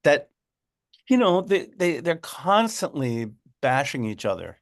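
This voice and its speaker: A man giving an informal, animated class talk on a religious text, repeating words and often asking "right?". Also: fairly high pitch, measured pace.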